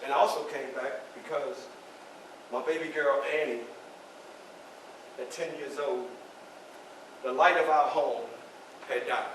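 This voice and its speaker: A man's voice: high-pitched, moderate pace. A man playing Frederick Douglass, a proud male orator, telling his story in first person and talking straight to the audience. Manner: animated, addresses the audience directly. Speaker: historical reenactor. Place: library event room, indoors. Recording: echoey hall from far off, faint hiss.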